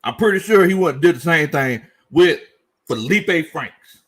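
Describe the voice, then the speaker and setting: Animated high-voiced man ranting about sports. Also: normal speed. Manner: animated, joking, repeats himself for emphasis. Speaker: sports show host. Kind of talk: casual sports commentary livestream reading chat.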